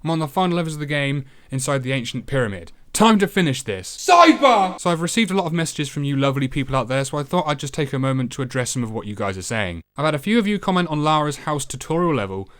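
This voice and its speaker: A man narrating a comedic retro game review, sardonic, crude and deadpan, swearing freely as he recaps the story. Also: mid-range voice, fast talker, few pauses.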